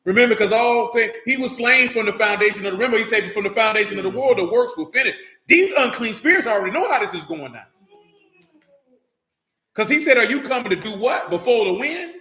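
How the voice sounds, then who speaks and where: A man with a high, bright voice preaches in a loose, conversational way. He mixes scripture reading with slangy asides to the congregation. The sound rings off an echoey room. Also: animated, fairly quick. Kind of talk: informal sermon with Bible reading.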